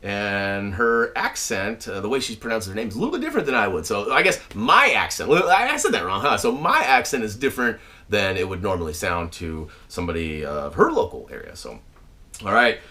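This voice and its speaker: A man's voice: on the low side, brisk. A man hosting his own channel from home, chatting casually to viewers with plenty of fillers and restarts. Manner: animated and chatty, many fillers and restarts, shouts out names. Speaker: channel host. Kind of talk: casual video update to viewers. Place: at home, indoors.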